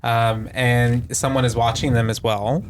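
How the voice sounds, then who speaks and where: A podcast co-host in casual chat, relaxed and filling gaps with lots of um and yeah. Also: medium pitch, a little slow, slight background noise. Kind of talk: casual chat reviewing a film.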